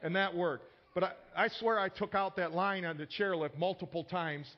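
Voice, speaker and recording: A man's voice: high voice, moderate pace, dull audio. A man preaching a sermon in a conversational way, telling a personal story and often repeating words as he starts sentences. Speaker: pastor.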